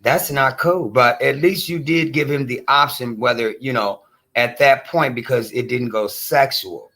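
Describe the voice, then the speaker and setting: A man hosts his show and reacts to a clip in a loose, rambling way, filling his talk with easy asides. His voice has a bright, forward edge at a middle pitch. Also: a little slow. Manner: conversational, rambling, full of fillers. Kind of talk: casual reaction commentary.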